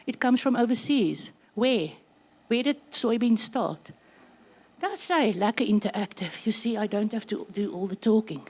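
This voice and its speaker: A South African woman giving a workshop presentation, chatty and slightly out of breath, with quick joking asides. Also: fairly high pitch, darkish tone, husky. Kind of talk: conference presentation.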